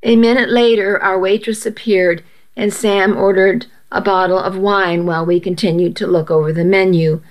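A woman narrating a first-person story aloud in a steady, measured way. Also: mid-range voice.

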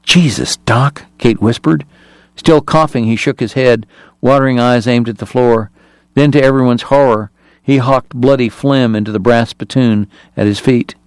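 A man narrating an audiobook in a measured, even storytelling manner. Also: mid-range voice, smooth, no room sound. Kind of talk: scripted narration.

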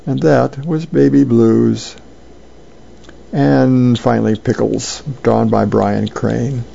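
A man hosting a show, reading comic strips aloud in an unhurried way with frequent ums and uhs. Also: medium pitch, fairly even intonation, creaky, mellow, breathy edge, lo-fi sound.

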